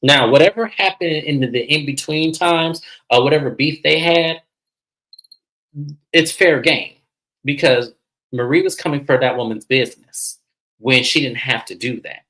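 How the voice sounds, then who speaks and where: A man's voice: medium pitch, moderate pace, pushed and bright, poor audio. A man hosting a casual TV recap, chatty and dramatic, talking straight to his viewers. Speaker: host.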